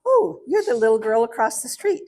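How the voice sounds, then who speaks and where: Gracious british lady artist, soft and polite, woman quoting her. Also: fairly high pitch, sing-song, fairly quick.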